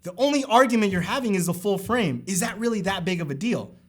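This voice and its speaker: A young man with a fairly high voice vents his opinion about a camera straight to his viewers. He talks casually and emphatically, as if chatting with friends in the comments. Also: lively intonation, fast, slightly rough. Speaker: camera review vlogger.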